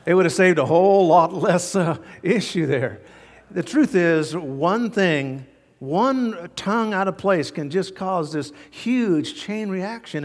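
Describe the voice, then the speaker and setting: Man pastor, folksy sermon, fairly high voice, long reverb. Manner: folksy storytelling with frequent fillers.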